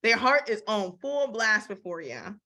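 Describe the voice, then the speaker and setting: Bright-voiced woman teaching scripture casually. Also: medium pitch, unhurried. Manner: lively and slangy, acting out the verses she quotes. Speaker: Bible teacher. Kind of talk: casual Bible study teaching.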